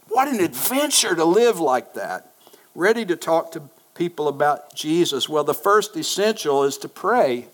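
Fervent preacher man, loud then hushed. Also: a little high, big pitch swings, normal speed. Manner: fervent, swings from loud pleading to hushed asides. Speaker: pastor. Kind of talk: sermon. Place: church sanctuary.

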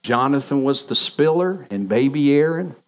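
A man's voice: mid-range voice, expressive, normal speed, a little hiss or hum. A middle-aged man preaching a sermon, telling family stories and acting out the voices in them. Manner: storytelling, acts out quoted voices of family members. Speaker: pastor.

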